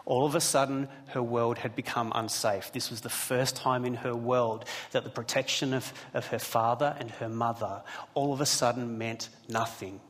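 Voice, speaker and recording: A man's voice: mid-range voice, fairly even intonation, moderate pace, fairly bright tone. A man preaching a sermon to a live congregation, telling a personal story with asides to the listeners. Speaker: pastor. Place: church hall with a live congregation. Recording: long hall reverb.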